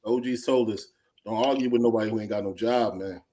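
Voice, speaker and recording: A man co-hosting a casual livestream, animated and profane, who laughs often and speaks. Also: on the low side, fairly quick, husky. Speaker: co-host.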